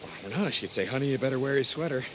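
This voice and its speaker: An actor playing an easygoing outlaw biker in a video game, joking and deflecting. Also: male voice, medium pitch, animated, rapid-fire, slight background noise, lightly acted. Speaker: game character. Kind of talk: video game dialogue acting.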